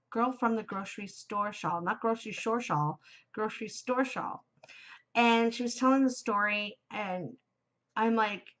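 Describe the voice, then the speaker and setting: Gushing chatty woman podcaster, lo-fi. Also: on the high side. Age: 40s. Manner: gushing and chatty, often breaking into laughter. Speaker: podcast host. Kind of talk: casual chat.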